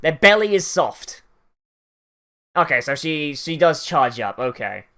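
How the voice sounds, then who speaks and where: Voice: medium pitch, very animated, measured pace, sharp tone. An anime reaction host giving casual watch-along commentary, rambling with lots of "like" fillers. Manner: rambling, filler-heavy "like" talk with laughs.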